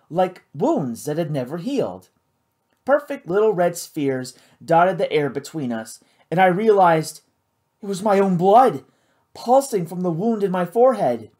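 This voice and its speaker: An audiobook reader narrating a first-person adventure novel with a dramatic, expressive delivery. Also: medium pitch. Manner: dramatic, lively reading.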